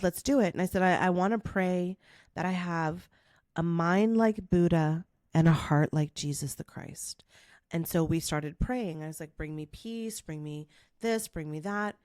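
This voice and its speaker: Female podcast host, storytelling monologue, animated delivery with acted-out dialogue, low pitch, dry booth sound. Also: normal speed, dry recording. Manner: animated, acts out quoted dialogue.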